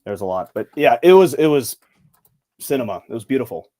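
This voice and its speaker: A young man co-hosting a casual sports podcast, agreeing quickly and talking in halting phrases. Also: mid-range voice, very animated, dark tone, no echo, clean studio sound. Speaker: podcast co-host.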